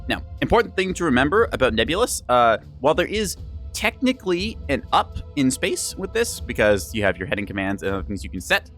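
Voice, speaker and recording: A man's voice: a little high, a bit bright. A young adult man giving casual live-stream commentary on a game, chatty and rambling, with frequent laughs and teasing asides.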